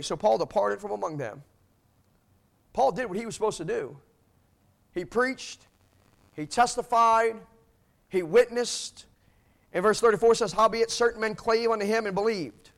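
Male preacher, very high voice, emphatic and repetitive sermon delivery. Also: normal speed, creaky, pauses often, fairly bright tone. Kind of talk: sermon with scripture reading.

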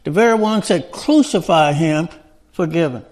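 High-voiced man preaching a sermon. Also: expressive, moderate pace, a little mellow. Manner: conversational preaching with rhetorical questions.

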